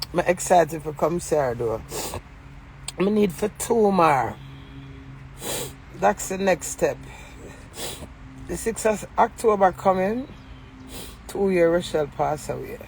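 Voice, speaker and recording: Jamaican woman, middle-aged, gravelly voice, cursing, rambling vlog talk. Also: lowish voice, animated, slow pace, pauses often, a little mellow, a little hiss or hum. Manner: swearing heavily, defiant. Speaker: vlogger. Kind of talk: rambling emotional monologue.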